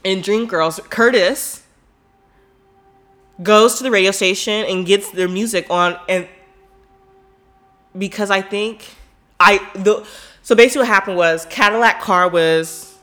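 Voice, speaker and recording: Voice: medium pitch, unhurried, pauses often, a bit bright. A vlogger telling a story in casual commentary, rambling with lots of fillers and swearing freely, turning heated when indignant. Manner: profane, rambling, heavy "like" fillers.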